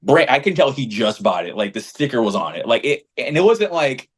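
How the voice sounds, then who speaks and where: A man's voice: medium pitch, very animated, fairly quick, husky. A man co-hosting a casual fan podcast, swinging his voice up and down as he tells a story. His talk is slangy and emphatic, full of restarts and asides. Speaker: podcast co-host and fan group leader.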